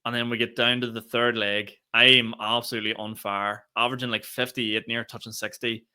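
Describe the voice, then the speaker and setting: Lively Northern Irish man, bright voice. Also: mid-range voice, fairly quick, clear, resonant tone. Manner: animated, swears freely, laughs mid-story. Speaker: podcast co-host. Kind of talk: casual storytelling chat.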